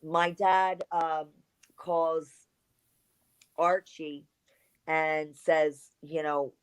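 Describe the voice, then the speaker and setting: Low-voiced woman telling a lively story. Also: very slow, smooth, poor audio. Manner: animated storyteller who acts out quoted dialogue and swears casually. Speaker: interview guest, former wrestler. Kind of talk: casual interview storytelling.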